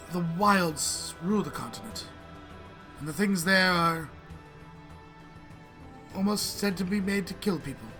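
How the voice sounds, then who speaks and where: A man putting on a far-travelled woman trader with a heavy, unplaceable accent, earnest and a little apologetic. The voice sits rather high for a man, and music runs underneath. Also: fairly bright tone.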